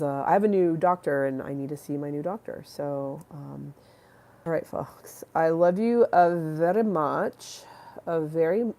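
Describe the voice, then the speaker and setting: A young woman hosting a livestream chats casually with her viewers in a low, gravelly, dark-toned voice. She rambles, full of fillers and restarts, while staying affectionate throughout.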